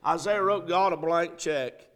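A man preaching a sermon in a church, swinging between hushed lines and shouted ones. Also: fairly high pitch, measured pace. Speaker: pastor. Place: church sanctuary.

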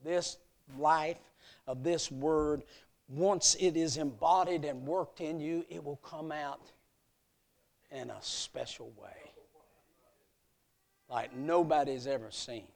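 A male preacher giving a sermon at a youth meeting, telling a story with emphatic swells and soft drops. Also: a little high, slow pace, gravelly, pauses often. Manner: emphatic storytelling that rises and falls.

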